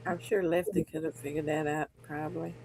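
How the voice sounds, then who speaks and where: A woman's voice: deep voice, fairly even intonation, fairly quick, vocal fry, darkish tone, a little hiss or hum. A woman in a casual stream chat, easygoing and teasing with her friends.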